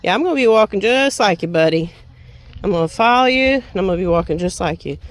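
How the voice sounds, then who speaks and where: A woman's voice: mid-range voice, lively intonation, quick pace, dry recording, rough recording. A tired woman chatting casually to her vlog audience outdoors by the animal pens in a folksy way. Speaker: homestead vlogger. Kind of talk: casual chat to camera.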